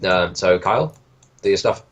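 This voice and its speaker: A man running a tabletop game as game master, talking haltingly and easygoing. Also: low-pitched, expressive, highs cut off. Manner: halting, lots of fillers, easygoing.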